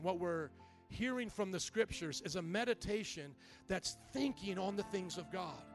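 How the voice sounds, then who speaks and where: High, gravelly animated preacher man. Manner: animated, jokey preaching that drops to a slow soft voice. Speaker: pastor. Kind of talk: sermon.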